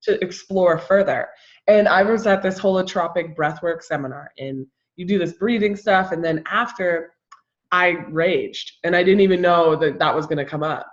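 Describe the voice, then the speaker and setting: A woman's voice: on the low side, moderate pace, lo-fi sound. A young woman hosting an interview in casual conversation, often affirming her guest with "yeah". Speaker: interview host.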